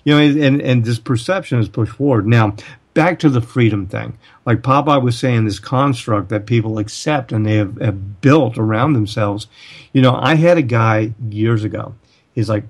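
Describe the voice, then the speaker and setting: A middle-aged man talks on a radio show in a loose, rambling way. He often repeats words as he goes and acts out what other people said to him. His voice sits at an ordinary middle pitch. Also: normal speed, a little mellow. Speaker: radio host. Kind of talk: casual radio talk.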